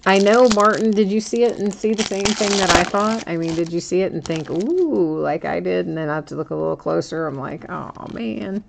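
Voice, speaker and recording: A woman with a notably low voice hosts a live card break stream. She chats easily, teases herself and laughs often while stumbling over hard names. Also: fairly even intonation, fast, gravelly, few pauses, slight background noise. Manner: chatty and self-teasing, laughs often.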